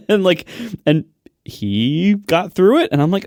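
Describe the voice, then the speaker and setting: A man's voice: high voice, very animated, unhurried, darkish tone, no echo, studio quality. A man in casual podcast chat, telling a story in a chatty, hesitant way with lots of fillers.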